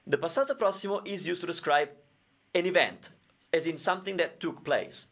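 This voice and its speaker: A man's voice: on the high side, fairly quick, a bit bright. A man with Italian as his first language, teaching grammar in a live-streamed question and answer lesson, explaining with everyday examples.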